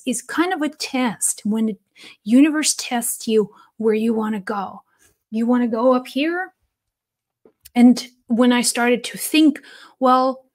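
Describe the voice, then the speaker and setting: A woman hosting a spiritual channel, telling a personal story in an earnest, heartfelt way. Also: on the high side. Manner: earnest, heartfelt, with soft laughs and restarts.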